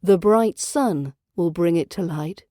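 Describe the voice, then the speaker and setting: A woman's voice: on the low side, slow pace, mellow, dry recording, studio quality. A woman with a British RP accent voicing a frightened poor man begging for his life in a storybook reading. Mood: solemn. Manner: pleading, fearful.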